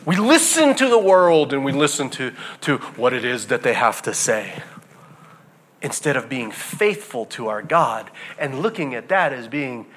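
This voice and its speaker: A male preacher delivering a sermon in an impassioned, emphatic way, swinging between quiet reflection and loud emphasis. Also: mid-range voice, sing-song, unhurried.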